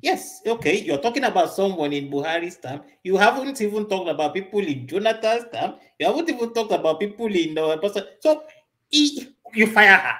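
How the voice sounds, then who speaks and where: A woman, a panel guest who starts haltingly with fillers and then builds her argument with proverbs. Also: medium pitch, lively intonation, fairly bright tone. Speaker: panel speaker. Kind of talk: talk-show commentary.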